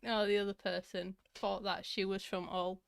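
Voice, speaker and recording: A woman's voice: mid-range voice, level tone, vocal fry, smooth. A woman co-hosting a casual chat who laughs easily. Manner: giggly and quick to laugh. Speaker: co-host, the host's partner.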